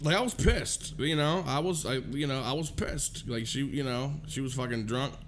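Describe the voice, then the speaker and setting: A man hosting a casual talk show, telling a story in a profane, animated way. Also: medium pitch, normal speed, a little hiss or hum.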